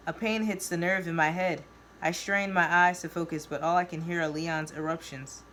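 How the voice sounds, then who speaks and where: A woman reading a first-person novel aloud, expressive and voicing each character. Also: lowish voice, normal speed, a little hiss or hum. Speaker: reader of her own novel.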